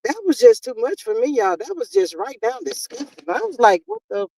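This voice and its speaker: A woman's voice: high-pitched, big pitch swings, gravelly, a little mellow, no room sound, distant mic, low-quality recording. A woman, chatting casually and exasperatedly as a live-stream commentary host. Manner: exasperated, talkative, drawn-out exclamations.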